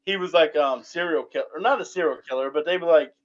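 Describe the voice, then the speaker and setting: A man's voice: fairly high pitch, fast talker. A drunk man chatting casually and profanely on a podcast, rambling and restarting. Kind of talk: casual chat. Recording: lo-fi audio.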